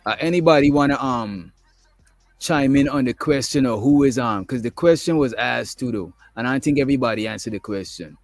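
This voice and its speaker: Gravelly-voiced man hosting casual talk. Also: medium pitch, fairly quick, dry recording. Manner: emphatic, keeps adding "bro". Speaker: host. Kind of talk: casual chat. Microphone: streaming call mic.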